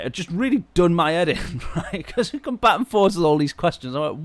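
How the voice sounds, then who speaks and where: A man streaming a racing game, telling a story in a ranting, exasperated way with sudden loud outbursts. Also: on the high side, lively intonation, fairly quick, few pauses, dry recording. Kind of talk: casual live-stream chat.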